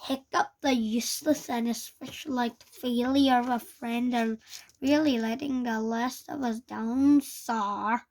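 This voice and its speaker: A woman's voice: high-pitched, lively intonation, takes it slowly, pushed and bright, exaggerated voice. A woman reading aloud and voicing a smug boy bully who sneers at others. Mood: sneering.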